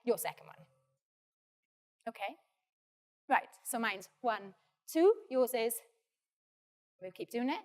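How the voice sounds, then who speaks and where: A Welsh woman leads a drama workshop, explaining and demonstrating warm-up exercises in a clear, encouraging way. Her voice sits a little high, and she talks with practical directness. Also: lively intonation, slow pace, long pauses. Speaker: actor leading a drama workshop. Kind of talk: practical teaching, giving instructions.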